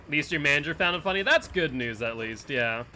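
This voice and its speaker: Bright-voiced chatty male game streamer. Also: on the high side, lively intonation, fairly quick, faint music behind. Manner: chatty, reads chat aloud, playful teasing. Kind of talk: live game commentary and chat.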